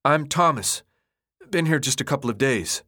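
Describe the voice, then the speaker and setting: A man's voice: mid-range voice, expressive, moderate pace, pushed and bright, voice pushed up. A man voicing an unsure, earnest teenage boy who is new and asks questions.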